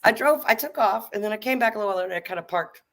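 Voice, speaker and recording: A middle-aged woman hosting a casual chat, telling a story in an animated way, acting out quotes and swearing freely. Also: mid-range voice, rapid-fire. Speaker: host.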